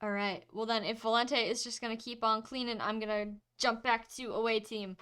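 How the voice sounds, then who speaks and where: A woman running a tabletop role-play game as game master, narrating in a loose, chatty way with a lot of giggling. Her voice is bright and sharp, sitting a little high. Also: steady tone, a little fast, clear, resonant tone.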